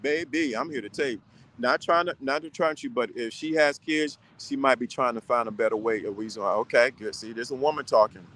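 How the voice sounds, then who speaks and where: A man's voice: medium pitch, brisk, fairly bright tone, poor audio. A man giving casual advice to viewers, talking sternly and repeating his points with lots of restarts. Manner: rambling with many restarts.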